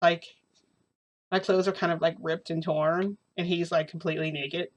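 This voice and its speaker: A woman's voice: on the low side, level tone, normal speed, dull audio. A woman telling a casual story in a rambling, giggly way, full of fillers and restarts.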